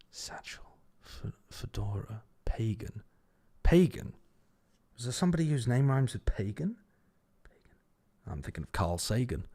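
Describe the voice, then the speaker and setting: A man with a mid-range, slightly mellow voice hosts a casual livestream, thinking out loud while he works through a word puzzle. He mutters words under his breath and swears casually.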